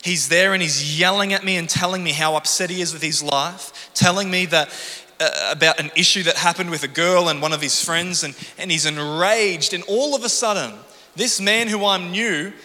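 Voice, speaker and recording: A man's voice: high voice, normal speed, bright, forceful tone. Man, preacher, sermon, emphatic storytelling, long church-hall reverb. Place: church stage.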